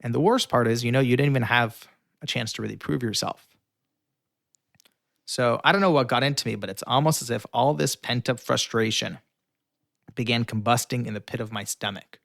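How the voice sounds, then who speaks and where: Young guy telling a story on a podcast, really animated, acts out the lines, dry close mic. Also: mid-range voice, a little fast, gravelly, dry recording. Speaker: guest. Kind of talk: storytelling in an interview.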